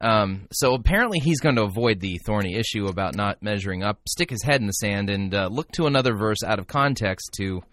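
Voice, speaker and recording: A man's voice: lowish voice, lively intonation, a little fast, hardly any pauses, fairly bright tone, no echo. A man giving critical, sarcastic commentary on a sermon clip, into a close mic. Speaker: commentary host reviewing a sermon.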